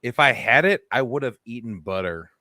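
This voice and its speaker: A man co-hosting a comedy podcast, telling stories in an animated way and laughing as he goes. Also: medium pitch, moderate pace, dry recording, clean studio sound. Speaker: podcast co-host. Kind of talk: comedic storytelling chat.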